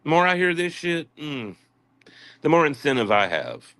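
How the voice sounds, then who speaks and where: A man's voice: fairly high pitch, big pitch swings, moderate pace, pushed and bright, no echo. Scornful man cursing in live commentary. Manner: insulting, profane, scornful. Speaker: livestream commentator. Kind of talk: heated commentary on played clips.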